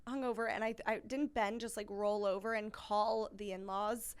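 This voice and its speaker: A woman's voice: mid-range voice, fairly even intonation, moderate pace, smooth. A young adult woman hosting a podcast in casual chat, effusive and enthusiastic, often laughing. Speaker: podcast host.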